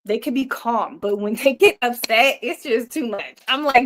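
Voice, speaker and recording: A woman's voice: on the high side, brisk. A woman hosting a casual livestream, rambling loosely with lots of swearing, laughter and "you know" fillers. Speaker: livestream host. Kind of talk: casual live-stream chat.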